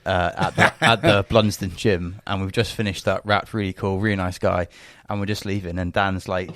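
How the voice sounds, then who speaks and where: A man's voice: low-pitched, little pitch movement, moderate pace, fairly bright tone. A man co-hosting a podcast, chatty and jokey with his guests. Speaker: podcast host. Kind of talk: casual podcast chat.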